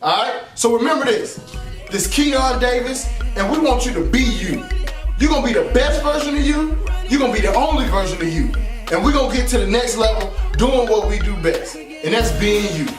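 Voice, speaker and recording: A man's voice: very high-pitched, animated, normal speed, far from the mic, music in the background. A man gives an emphatic motivational talk, repeating his points like a preacher. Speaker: motivational speaker. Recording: echoey room, voice off-mic.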